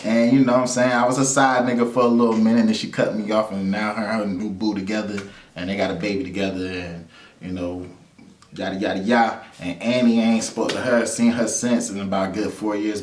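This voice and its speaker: A man's voice: lowish voice, a little fast. Laid-back man telling a story, roomy and distant. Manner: loose, animated storytelling with frequent laughs and repeated phrases. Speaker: vlog host telling personal stories. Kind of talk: casual storytelling monologue. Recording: roomy sound from a distance to the mic.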